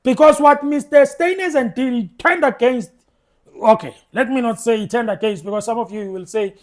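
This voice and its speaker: A man's voice: very high-pitched, normal speed. A South African man giving passionate political commentary to his viewers, stammering through restarts and speaking straight to the audience. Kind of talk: opinionated commentary to camera.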